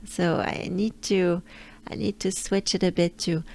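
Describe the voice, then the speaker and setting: A woman's voice: lowish voice, little pitch movement, unhurried, darkish tone. A woman from France with a French accent, coaching pronunciation patiently and drilling each sound by repetition. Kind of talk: slow pronunciation lesson.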